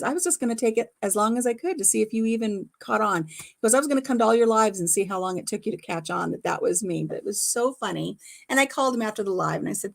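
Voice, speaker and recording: A woman's voice: mid-range voice, gravelly. Chatty middle-aged lady on a phone livestream from home, laughs a lot, tells little stories. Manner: chatty, laughs often, retells conversations. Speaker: livestream host. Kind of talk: casual chat.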